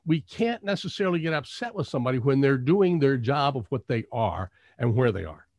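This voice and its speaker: A man's voice: mid-range voice, big pitch swings, brisk, darkish tone, no room sound, clean studio sound. A man hosting a conversational interview, affirming his guest and telling a short story of his own. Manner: affirming, storytelling, asks open questions. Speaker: interview host.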